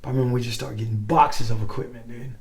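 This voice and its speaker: A middle-aged man, a former soldier, telling stories in a casual interview, animated and acting out what others said. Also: mid-range voice, quick pace, vocal fry, crowd noise. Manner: animated, acts out quoted voices, swears casually. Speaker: guest, former Green Beret.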